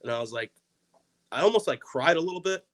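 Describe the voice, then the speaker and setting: A man's voice: on the high side, lively intonation, a little fast, rough recording. A young man, a comedian guest on a podcast, telling a story in a rambling way with many "like"s. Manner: rambling, heavy use of "like".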